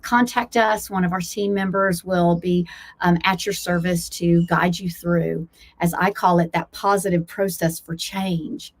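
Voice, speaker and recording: A woman's voice: on the low side, fairly even intonation, a little slow. A woman with a Southern American accent speaks as a wellness coach and travel host. She talks earnestly and encouragingly, in a casual vlog manner with many fillers. She records outdoors, with aircraft passing overhead. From United States, Blue Ridge foothills. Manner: earnest, motivational, with frequent fillers. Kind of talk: casual talking-head vlog.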